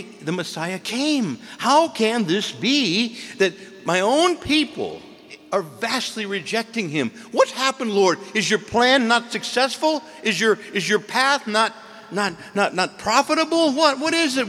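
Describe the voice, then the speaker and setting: A preacher voicing an anguished, pleading apostle. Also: male voice, high voice, very animated, measured pace, sharp tone, in a large hall, voice pushed up, full character voice. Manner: pleading, rising anguished questions. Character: anguished male apostle crying out to God.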